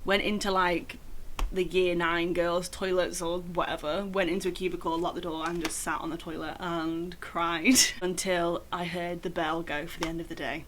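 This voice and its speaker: A woman's voice: fairly low pitch, level tone, moderate pace, fairly bright tone, slight background noise. A young woman telling a personal story in a casual vlog, chatty and full of "like" fillers. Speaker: vlogger.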